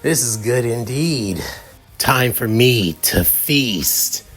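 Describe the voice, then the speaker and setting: A man voicing a hungry male slime monster who speaks slowly and gloats over his next meal. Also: medium pitch, expressive, fairly bright tone, breathy edge, heavily acted. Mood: gloating. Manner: slow, gloating.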